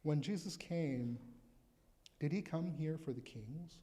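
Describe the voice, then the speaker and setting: A male pastor gives a conversational, reflective sermon at a live church service. His voice is mellow and relaxed. A long reverb trails each phrase through the sanctuary. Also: on the high side, takes it slowly. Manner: conversational, reflective, reads scripture aloud.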